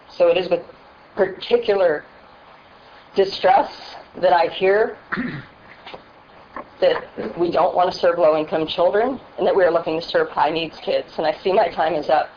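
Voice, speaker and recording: Woman, lowish voice, earnest and apologetic, public comment, muffled meeting-room audio, faint hiss. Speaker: foundation representative giving public comment. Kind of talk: public comment at a board hearing.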